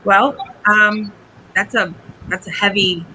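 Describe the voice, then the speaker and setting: A woman in her forties tells a family story as a guest, her bright, tense voice rambling and halting. She trails off at points and sounds close to tears. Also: mid-range voice, fairly even intonation, a little hiss or hum, poor audio. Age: 40s. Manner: rambling, halting, tearful at times. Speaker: guest, cigar business owner. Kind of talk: emotional personal storytelling.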